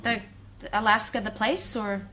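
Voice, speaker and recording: A woman in her forties, a native Icelandic speaker talking in English, chatting bubbly and fast on a livestream. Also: fairly high pitch, fairly even intonation, pushed and bright, a little hiss or hum. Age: 40s. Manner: bubbly, chatty, breaks into song. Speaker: guest singer on livestream. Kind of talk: casual livestream chat.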